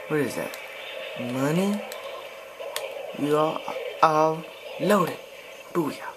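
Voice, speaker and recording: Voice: medium pitch, lively intonation, extremely slow, long pauses, a bit bright, poor audio. Jumpy gamer muttering over game noise. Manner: jumpy, yelps and pleads, mutters to self. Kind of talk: let's play commentary.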